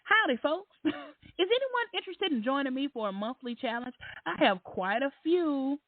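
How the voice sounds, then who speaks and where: A woman voicing a chirpy, country-voiced woman who posts planner challenges, speaking in a bright sing-song twang. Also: high voice, sing-song, moderate pace, no echo, pitched above the performer's own voice. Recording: dry, tinny phone-like line.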